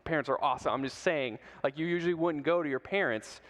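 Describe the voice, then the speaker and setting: High-voiced man giving a youth talk. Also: fast, fairly bright tone. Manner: playful, storytelling, asks the audience questions. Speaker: youth speaker. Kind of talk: youth talk to middle schoolers. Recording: long hall reverb.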